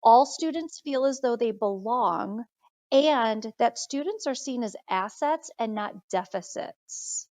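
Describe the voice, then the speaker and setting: A woman's voice: a little high, expressive, takes it slowly, a little mellow, no room sound. A woman guest on an interview, an instructional coach, explaining her points earnestly and methodically. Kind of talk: casual interview chat.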